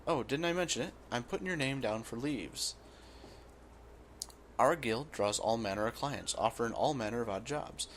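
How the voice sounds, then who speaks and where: Man reading as a gruff old guild boss. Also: mid-range voice, moderate pace, a bit bright, a little hiss or hum, natural voice. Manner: reads in a rough dockside voice, drops it partway. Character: gruff old male guild boss, blustering sailor type.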